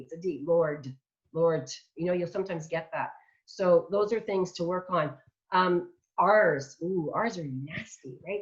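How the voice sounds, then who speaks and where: Lower-voiced woman teaching singing on dull audio. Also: moderate pace. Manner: demonstrates by speaking and singing example words; chatty, warm teaching asides. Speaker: vocal coach. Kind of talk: online masterclass teaching.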